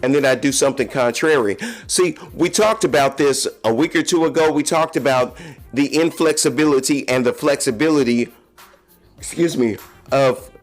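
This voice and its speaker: A man hosting a podcast, talking candidly and confessionally straight to his listeners in a casual solo monologue. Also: fairly high pitch. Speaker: podcast host.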